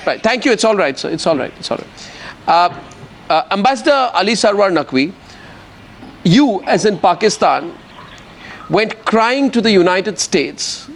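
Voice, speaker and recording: A man hosting a heated TV news debate, forceful and interrupting, repeating guests' names to take control and switching between English and Hindi. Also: high-pitched, lively intonation, normal speed.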